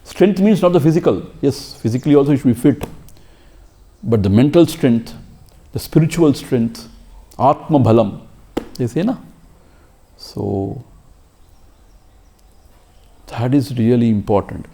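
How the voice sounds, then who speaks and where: Warm emphatic Indian English swami. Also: male voice, medium pitch, lively intonation, measured pace, pauses often. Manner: emphatic, exhorting, rhetorical questions. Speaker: swami teaching scripture. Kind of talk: spiritual lecture.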